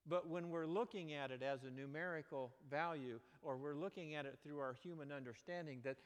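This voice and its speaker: A male pastor preaching a sermon, animated, moving between loud exclamations and quiet, earnest passages. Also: on the high side, a little fast, clear, resonant tone. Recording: long reverb of a large hall.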